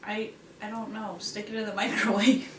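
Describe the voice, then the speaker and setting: A woman's voice: medium pitch, little pitch movement, normal speed, background noise. A woman chiming in off camera, dry and matter-of-fact. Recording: echoey room from far off.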